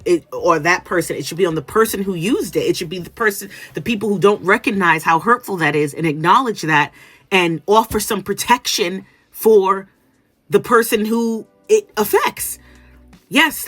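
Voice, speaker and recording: A woman vlogger telling a story in casual monologue, animated and acting out other people's lines, often restarting her sentences. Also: medium pitch. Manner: animated, acts out quoted voices; restarts and trails off mid-sentence.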